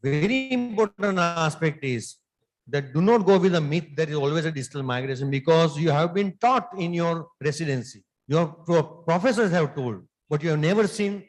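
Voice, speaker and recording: A man's voice: fairly high pitch, lively intonation, normal speed, low-quality recording. A middle-aged man, a surgeon answering conference questions in an emphatic, lecturing way.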